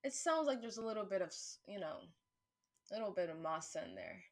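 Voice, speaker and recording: A woman talks straight to camera in a loose, rambling monologue, with plenty of swearing and half-finished thoughts. Her voice sits at an ordinary middle pitch, and it climbs and gets louder whenever she gets worked up. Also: fairly quick. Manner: rambling, swears freely, thinks aloud with many restarts; animated, rising pitch and volume when worked up. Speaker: vlogger.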